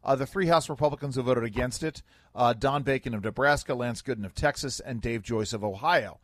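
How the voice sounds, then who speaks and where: A man's voice: mid-range voice, no echo. Man, radio host, casual chat, restarts often, dry studio mic. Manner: halting, many fillers and restarts.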